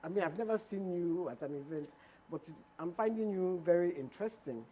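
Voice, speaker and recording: A woman on a talk panel speaks in a halting, hesitant way, her voice low and mellow. A faint hum of ambient noise sits behind her. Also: animated, low-quality recording. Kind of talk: conversational remark in interview.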